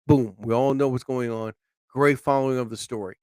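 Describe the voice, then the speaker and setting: Excitable man ranting on a live stream. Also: medium pitch, clear, resonant tone, no room sound, clean studio sound. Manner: excitable, swears, quick frustrated outbursts. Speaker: live show host. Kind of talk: casual rambling live stream.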